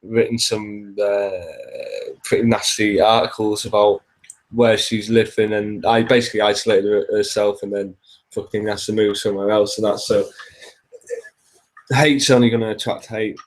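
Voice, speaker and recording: A man's voice: on the low side, level tone, normal speed, poor audio. A young man, a hip hop group member chatting casually as a guest, swearing and laughing easily. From North Yorkshire. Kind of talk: casual chat.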